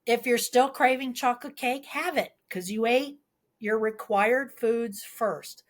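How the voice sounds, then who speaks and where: A woman's voice: on the high side, measured pace. A woman midwife talking in a podcast interview, explaining earnestly with homely analogies and pleading advice.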